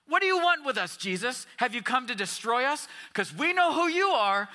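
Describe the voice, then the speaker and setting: A man voicing a demon who shouts and taunts, reading it aloud in a sermon. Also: extremely high pitch, very animated, moderate pace, voice pushed up, heavily acted. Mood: mocking. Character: mocking shrieking male demon.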